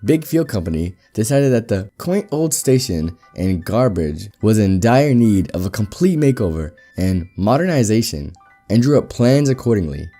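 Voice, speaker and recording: A man narrating a reddit story aloud in a brisk storytelling manner. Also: fairly low pitch, sing-song, dark tone, faint music behind. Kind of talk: reading reddit stories aloud.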